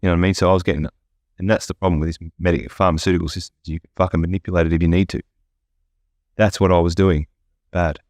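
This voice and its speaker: A man's voice: sits low, steady tone, fast talker, a little mellow, no room sound, studio quality. A man speaking as a podcast guest, telling his story bluntly with heavy swearing. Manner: blunt, profane, candid storytelling. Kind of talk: casual podcast interview.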